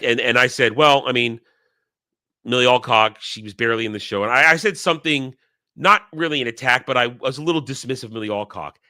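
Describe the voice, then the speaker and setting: A man runs his own commentary channel, ranting bluntly and crudely in casual opinion talk, often restarting and throwing in mocking quotes. His voice is fairly low in pitch with a sharp tone.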